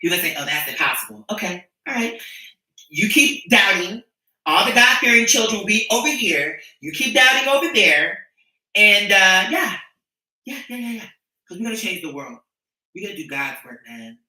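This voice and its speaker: A woman's voice: mid-range voice, lively intonation, normal speed, bright, forceful tone, distant mic. A woman giving an impassioned, profane livestream monologue to her followers, ranting and preaching. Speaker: streamer addressing her followers. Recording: echoey room, voice off-mic.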